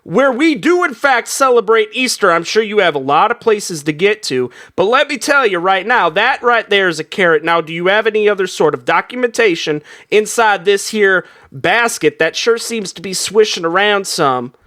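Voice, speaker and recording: A man's voice: high-pitched, lively intonation, moderate pace, few pauses, a bit bright. A man voicing a bossy male border inspector, drawling his words in an improv scene. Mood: officious. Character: pompous male border inspector, officious and suspicious.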